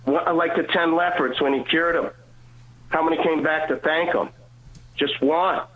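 A man calling in, telling a personal faith story in an animated way and acting out the dialogue. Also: fairly high pitch, a little slow. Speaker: caller. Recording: tinny phone line.

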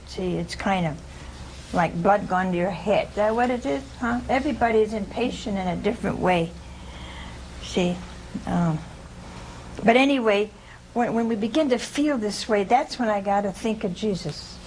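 A woman's voice: medium pitch, normal speed, a little hiss or hum. A woman giving an informal religious talk to a live audience, chatty and humorous, often putting questions to her listeners. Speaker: religious teacher.

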